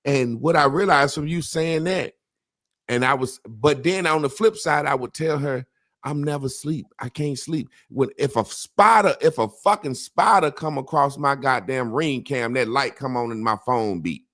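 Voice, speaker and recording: A man's voice: mid-range voice, moderate pace, dry recording. Profane storytelling man in a dry room. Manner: profane, rambling storytelling with animated impressions. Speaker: podcast host. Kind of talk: casual chat.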